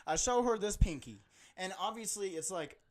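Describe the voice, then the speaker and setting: A young man hosting a podcast, telling an animated story with lots of laughing and "bro". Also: sits high, moderate pace. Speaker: podcast host. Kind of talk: casual storytelling chat.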